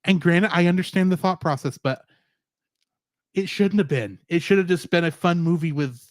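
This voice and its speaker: A man co-hosting a podcast in casual review chat, animated and laughing often. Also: high-pitched, normal speed, dry recording, clean studio sound. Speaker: podcast co-host.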